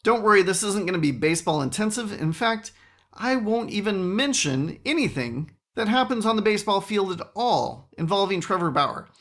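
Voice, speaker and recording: A man's voice: high voice, expressive, moderate pace, fairly bright tone. A man hosting a solo podcast, chatting in a wry, rambling way with frequent asides. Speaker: podcast host.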